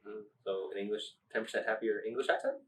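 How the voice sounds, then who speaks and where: An American man co-hosting a casual podcast, animated, laughing and swearing casually. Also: fairly low pitch, quick pace, far from the mic. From United States. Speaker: co-host. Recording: echoey room, voice away from the mic.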